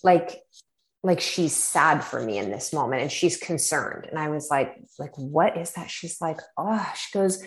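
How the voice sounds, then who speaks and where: A woman's voice: low voice, expressive, unhurried, reverberant. A woman telling a personal story in casual chat, with many fillers, acting out her own reactions. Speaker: podcast guest.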